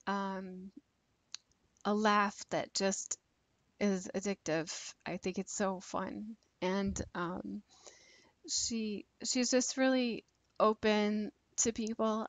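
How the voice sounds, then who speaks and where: A woman rambles through a casual vlog at an unhurried pace, full of ums and restarts. She sounds a little nervous but keeps talking. Her voice sits in a middle pitch, and the recording is close and dead dry. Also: dry recording. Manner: rambling and hesitant, with many fillers and restarts; a bit nervous. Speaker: YouTube creator doing a tag video. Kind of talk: casual chat.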